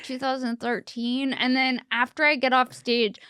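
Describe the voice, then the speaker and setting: A woman's voice: high-pitched, flat delivery, normal speed, sharp tone, clear, resonant tone, no room sound, clean studio sound. A woman in her thirties from the Valley, a comedian and podcast host telling rambling stories in casual chat, often laughing. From the San Fernando Valley, California.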